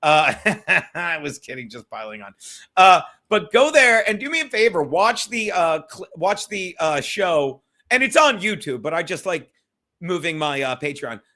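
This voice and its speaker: A man's voice: fairly high pitch, very animated, measured pace, bright, forceful tone. Rambling man chatting to his stream. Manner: rambling, talks straight to chat viewers. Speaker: podcast host reading live chat. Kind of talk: casual livestream chat.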